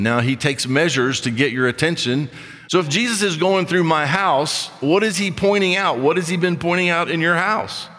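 Pastor preaching in a reverberant hall. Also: male voice, mid-range voice, a bit bright. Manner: conversational preaching, acts out imagined voices. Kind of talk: sermon.

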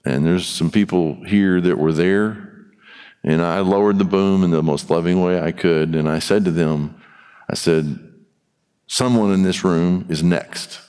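Male pastor, lowish voice, lively storytelling sermon, echoing sanctuary. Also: normal speed, smooth. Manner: animated storytelling, acting out dialogue.

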